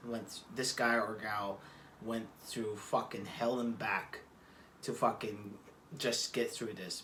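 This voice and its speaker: A man's voice: on the low side, a bit bright, slight background noise. A man talking casually to camera from a room at home, rambling and cursing as he digresses. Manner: rambling, profane, restarts and digressions. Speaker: vlogger.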